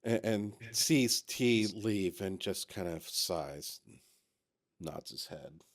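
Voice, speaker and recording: A man narrating as game master in a casual, relaxed way. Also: low-pitched, slow.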